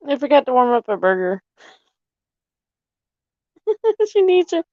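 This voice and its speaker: A woman's voice: extremely high pitch, dark tone, dry recording. A woman vlogging casually at home, breaking into belly laughs between phrases and swearing freely. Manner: swears freely and says "Lord have mercy" often. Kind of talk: casual live chat to viewers. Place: at home, near her mother's room. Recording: dull lo-fi audio.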